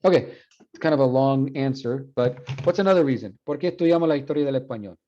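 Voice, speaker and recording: A male Spanish professor giving an animated university lecture, repeating example words aloud to demonstrate. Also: medium pitch, quick pace. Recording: dull lo-fi classroom recording.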